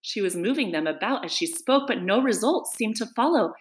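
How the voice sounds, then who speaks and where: A woman reading a children's book aloud, expressive and animated, in an echoey room. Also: medium pitch, brisk. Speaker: storyteller.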